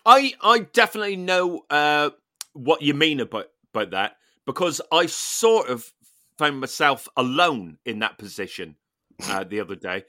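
A man hosting a podcast, telling a funny story in casual chat with animated, laughing delivery. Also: on the high side, moderate pace, dry recording, clean studio sound. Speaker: podcast host.

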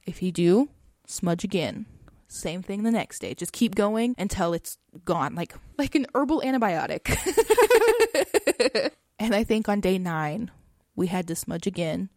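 A woman's voice: lowish voice, unhurried, no echo. Chatty woman telling a story, dry sound. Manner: chatty, frequent "like" and soft laughs. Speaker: podcast co-host telling a story. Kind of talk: casual storytelling.

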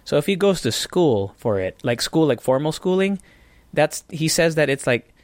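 A man's voice: on the high side, big pitch swings, moderate pace, dry recording. A man with a Filipino English accent hosting a casual solo podcast from his apartment, rambling and chatty with self-deprecating humor. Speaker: podcast host.

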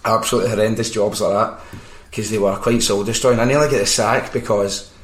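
A man with a Glaswegian accent who hosts a podcast, telling stories in casual, animated chat and swearing freely. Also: fairly low pitch, a little fast. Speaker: podcast host. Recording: roomy echo.

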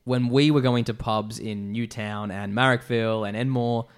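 A man's voice: mid-range voice, fairly even intonation, moderate pace, clean tone. A man casually hosting a beer-tasting podcast, reading reviews aloud with asides. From Australia. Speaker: podcast host. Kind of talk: casual chat.

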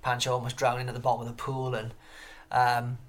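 A man's voice: mid-range voice, completely flat delivery, brisk. A man in a casual interview, telling rambling stories full of swearing and restarts. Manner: profane, rambling storyteller; swears constantly. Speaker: guest.

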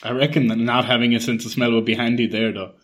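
Guy on a podcast, dry jokey chat, mid-pitched. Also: little pitch movement, fast. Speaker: podcast co-host. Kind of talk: casual chat.

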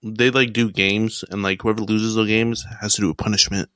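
Young male podcast co-host, lowish voice, rambling casual delivery, dry close recording. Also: level tone, brisk, pushed and bright, no echo. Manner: rambling, lots of "like" fillers. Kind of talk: casual chat.

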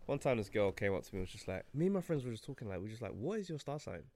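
A man, a comedian chatting casually on a podcast and telling animated, slangy stories. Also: medium pitch, racing, slight background noise. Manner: animated storytelling, slangy banter. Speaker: comedian guest.

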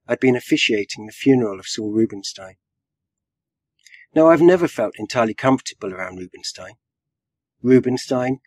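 A man's voice: medium pitch, darkish tone, no room sound. Man reading his own fiction, dry. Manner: measured storytelling with dry wit. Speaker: writer and guest.

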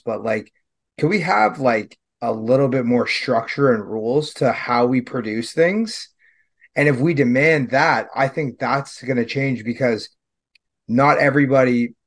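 A man as a guest on a casual podcast discussion, talking loosely and filling his sentences with "like.". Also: mid-range voice. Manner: casual, says "like" often.

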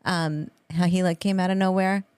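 A woman's voice: lowish voice, fairly even intonation, normal speed, darkish tone, clear, resonant tone, no room sound. A woman co-hosting a casual chat show, supportive and chiming in with short reactions. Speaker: co-host.

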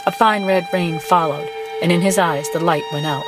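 Brief: woman narrating a dark story like an audiobook, with music behind. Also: on the low side, steady tone, normal speed, low-quality recording. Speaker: guest reader.

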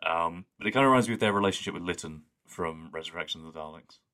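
A man's voice: sits low, very fast, sharp tone. A man co-hosting a podcast in casual chat, talking in a rambling, enthusiastic way. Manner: rambling, enthusiastic, full of "like" fillers. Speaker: podcast co-host.

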